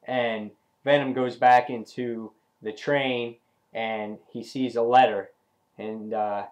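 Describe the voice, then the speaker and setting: Man, comic book reviewer, casual, rambling, lots of fillers, mid-pitched voice. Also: fairly even intonation, slow. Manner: rambling retelling with many fillers.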